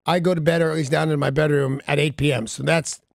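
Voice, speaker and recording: A man's voice: fairly high pitch, fairly even intonation, fast, creaky, no echo, clean studio sound. A man co-hosting a morning radio show, rambling and wisecracking through his stories. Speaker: radio co-host. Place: radio studio. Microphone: studio mic.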